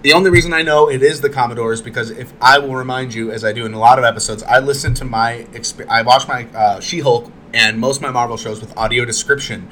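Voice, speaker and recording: A man's voice: mid-range voice, steady tone, fast, hardly any pauses, a bit bright, slight background noise. A man hosting a casual recap of a TV episode, retelling scenes with chatty asides and fillers. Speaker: podcast host recapping a TV episode.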